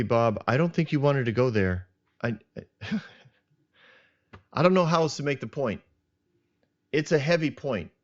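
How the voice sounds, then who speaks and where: A man hosting a podcast, reflecting earnestly on a scripture passage and often restarting his sentences as he thinks aloud. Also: mid-range voice. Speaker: podcast host teaching scripture. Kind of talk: reflective teaching talk. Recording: dull lo-fi sound.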